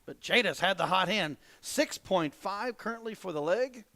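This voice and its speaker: A man doing live darts commentary, excitable and animated in his play-by-play. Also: high-pitched, normal speed.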